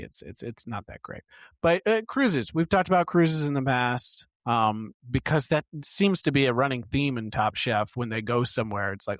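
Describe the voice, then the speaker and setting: A man co-hosting a podcast, recapping a TV episode in casual, animated chat with plenty of fillers. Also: medium pitch, normal speed, no room sound. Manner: chatty, animated, lots of fillers. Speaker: podcast co-host.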